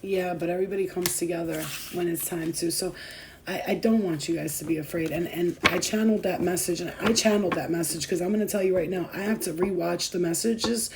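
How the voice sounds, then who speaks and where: Over a noisy background, this young spiritual vlogger talks fairly quickly in a lowish voice with fairly even intonation. She addresses her viewers casually and emotionally, wandering through heartfelt thoughts with lots of fillers and false starts, sometimes close to tears.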